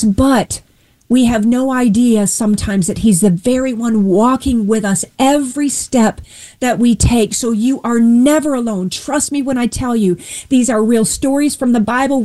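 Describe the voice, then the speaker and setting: A woman shares a personal Christian testimony in a high, soft-toned voice. She retells a Bible story with earnest storytelling and voices the people in it. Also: rough recording. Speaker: guest sharing faith testimony.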